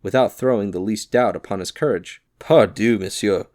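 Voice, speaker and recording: Brief: male audiobook narrator, measured delivery, lowish voice. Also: darkish tone, no room sound, clean studio sound. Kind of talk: scripted classic novel narration.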